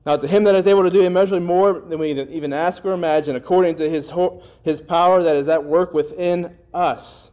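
A man preaching a sermon in a conversational way, with folksy asides, and slowing down on scripture phrases. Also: on the high side, steady tone, mellow. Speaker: pastor.

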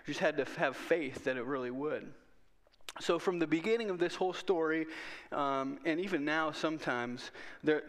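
Earnest higher-voiced man preaching. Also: fairly bright tone. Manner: earnest, conversational, with frequent restarts. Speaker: pastor. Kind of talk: sermon.

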